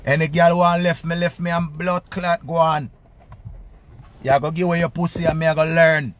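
High-voiced Jamaican man ranting. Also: flat delivery, moderate pace. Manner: loud, profane, repetitive patois rant. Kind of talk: ranting monologue.

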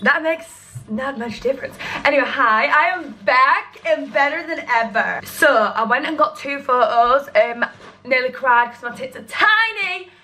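Bright-voiced chatty young woman vlogger. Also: high-pitched, animated, unhurried. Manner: chatty, blunt and sweary, laughs easily. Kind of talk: casual vlog chat to camera.

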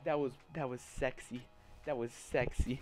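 A young man giving live gameplay commentary, trash-talking his opponent, swearing and erupting into shouts. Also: medium pitch, steady tone, measured pace. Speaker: gaming YouTuber.

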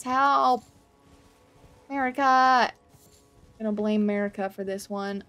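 Woman, young adult, game streamer, high voice, unhurried talk, loud yelps, swearing, laughing reactions, faint music behind. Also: animated. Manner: talks to chat, self-mocking. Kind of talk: live gameplay commentary.

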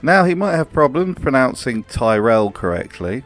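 A man's voice: medium pitch, big pitch swings, moderate pace, faint music behind. A man hosting a comedic video essay, narrating in a dry, sarcastic way. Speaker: host.

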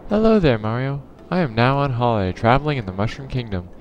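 A man's voice: medium pitch, animated, fast talker, dull audio, soft background music, lightly acted. A man voicing a gracious princess, reading her letter aloud in a polite tone.

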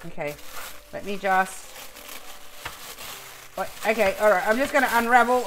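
A woman's voice: medium pitch, measured pace, noisy background. A woman in a casual unboxing vlog who gushes with emotion and often breaks off in the middle of a sentence. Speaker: vlogger.

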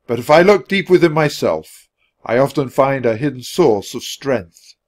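A man voicing a wise, calm Roman emperor in a storybook reading, with measured, dignified speech. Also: medium pitch, close to an everyday voice.

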